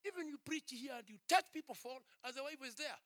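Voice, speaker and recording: A man, a pastor, preaching a sermon that moves from quiet storytelling to shouted exhortation, repeating phrases and calling out to his congregation. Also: very high-pitched, animated, fast, dry recording, clean studio sound. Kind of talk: preaching a sermon with a personal testimony.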